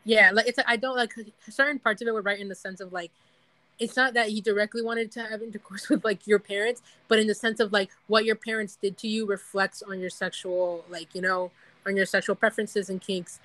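A woman's voice: mid-range voice, steady tone, brisk, pushed and bright, no echo, poor audio. Woman chatting on a podcast, laughs a lot, rambles, dry room. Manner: giggly, rambling, trails off. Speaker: podcast co-host. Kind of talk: casual chat.

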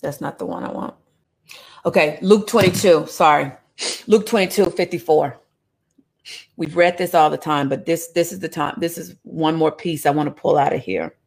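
A woman preaching a sermon, reading scripture aloud with animated, conversational asides to her listeners. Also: deep voice, normal speed, gravelly, slightly rough.

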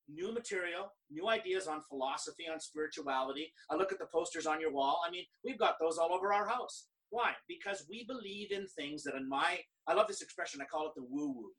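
A middle-aged man from Canada, a professional speaker, telling stories in an animated, conversational way and acting out other people's lines. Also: a little high, a little fast, far from the mic, low-quality recording. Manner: animated, quotes others in lively dialogue. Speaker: guest speaker. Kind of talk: conversational storytelling.

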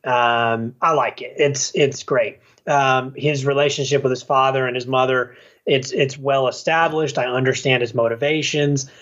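A man co-hosting a podcast, chatting casually about a film and acting out scenes in quick put-on voices. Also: mid-range voice, lo-fi sound. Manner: animated, acts out scenes with quick voice changes. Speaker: podcast co-host. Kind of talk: casual movie review chat.

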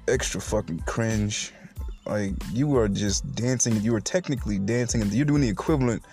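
Young male podcast host, low gravelly voice, foul-mouthed storyteller, faint music behind. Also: darkish tone. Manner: profane, laughing storyteller. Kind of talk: solo podcast rant.

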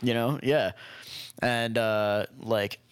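A young man rambles his way through a story in easy conversation, swearing freely and playing out each person's lines. His voice sits fairly low. The sound is dry and close, with no room around it. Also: steady tone, slow, smooth, no room sound. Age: young adult. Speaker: storyteller in casual chat. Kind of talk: casual chat.

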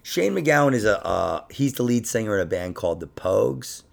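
A man chatting casually on a podcast, rambling and swearing, with loud bursts of laughter. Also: fairly low pitch, animated, brisk, creaky. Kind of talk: casual chat.

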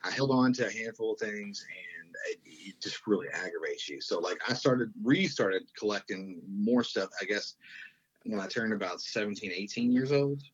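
Rambling husky-voiced man, casual chat. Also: fairly low pitch, moderate pace. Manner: rambling, profane, full of fillers and restarts. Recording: dull lo-fi sound.

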